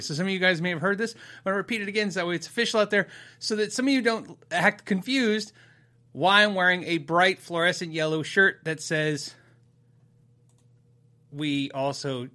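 A man's voice: fairly high pitch, bright, forceful tone. A man talking to his viewers in a casual, rambling way, laughing often and acting out both sides of a conversation. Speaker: YouTuber telling a story. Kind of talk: casual storytelling to camera.

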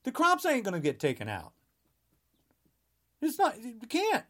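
A man's voice: extremely high pitch, huge pitch swings, measured pace, bright, forceful tone. A man in his sixties delivering a heated, rambling podcast monologue, emphatic and full of restarts. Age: 60s. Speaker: podcast guest.

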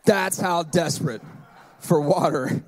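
A man's voice: on the high side, takes it slowly, a little mellow. A man in his thirties preaching a sermon in a church, conversational and joking, with playful asides. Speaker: pastor.

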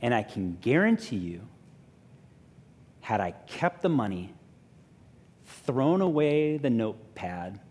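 A man pastor, telling a personal story in a sermon with lively self-mocking humor, then growing soft and quiet for reflection. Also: medium pitch, slow pace, pauses often, big-room sound. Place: church sanctuary.

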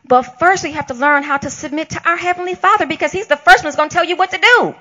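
A woman's voice: very high voice, fast talker, few pauses, sharp tone. A woman co-hosting a Christian talk show, preaching emphatically and acting out the voices she quotes.

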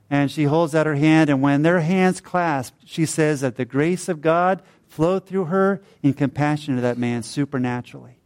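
A man's voice: a little high, normal speed, hardly any pauses, darkish tone. Man preaching in a chatty storytelling way. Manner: conversational storytelling with fillers and tag questions. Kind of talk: sermon.

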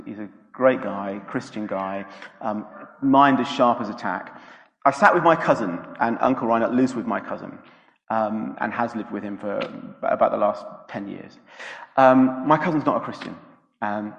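A man giving an informal sermon in a church, telling a personal story in a chatty, halting way with many fillers and restarts. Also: mid-range voice, creaky, long reverb tail. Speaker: preacher.

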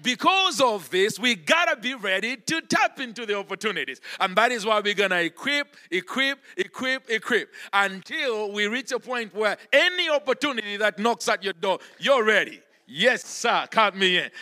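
A man's voice: high voice, lively intonation, moderate pace, pushed and bright. A male pastor preaching a church sermon, emphatic and driving his points home by repeating key words. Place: church service.

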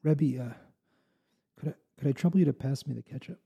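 A man's voice: mid-range voice, a little fast, creaky, breathy edge, highs cut off. A man voicing a humble, eager male innkeeper who pleads and stammers. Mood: timid.

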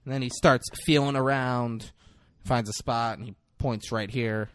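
Speaking at a measured pace in a mid-range voice, this man co-hosts a podcast and chats casually through a film recap. He gets animated retelling the scenes, jumps into character voices, and curses without restraint. Clean studio sound, no echo.

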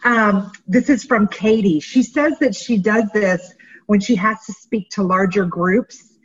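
A woman's voice: medium pitch, a little slow, husky, lo-fi sound. A woman co-hosting who reads viewer comments aloud with light fillers. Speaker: co-host reading viewer comments.

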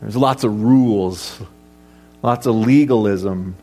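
A man's voice: lowish voice, slow pace, warm tone, faint music behind. A middle-aged male pastor preaching a conversational sermon, with joking asides and rhetorical questions to the congregation.

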